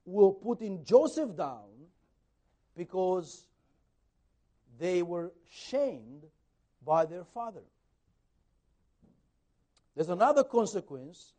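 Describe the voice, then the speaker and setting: A man preaching a conversational sermon as a pastor, swinging between loud emphasis and soft asides, sometimes acting out dialogue. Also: sits high. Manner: acts out quoted dialogue.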